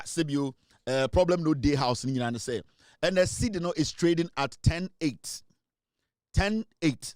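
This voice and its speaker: A man's voice: high-pitched, dry recording, studio quality. A young Ghanaian man hosting a casual monologue, teasing with repeated rhetorical questions and mixing English with Twi. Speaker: show host.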